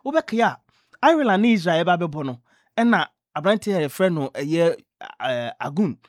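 A man's voice: fairly high pitch, moderate pace, no room sound, studio quality. Ghanaian man telling sports news. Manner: lively storytelling, mixing in English phrases. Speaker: sports radio presenter. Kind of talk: sports news radio talk.

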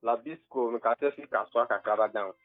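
A man's voice: medium pitch, fast talker. A man with a Ghanaian accent calling into a radio show and telling a personal story earnestly, stumbling and restarting. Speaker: caller. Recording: tinny phone line.

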